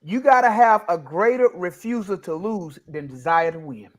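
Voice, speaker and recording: A man's voice: high voice, animated, moderate pace. A man on a sports panel who played football, speaking earnestly and reflectively. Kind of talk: casual sports talk.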